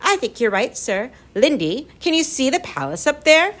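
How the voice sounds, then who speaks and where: An eager young boy, bright and brave, voiced by a woman reader. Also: high-pitched, sing-song, normal speed, pitched above the performer's own voice.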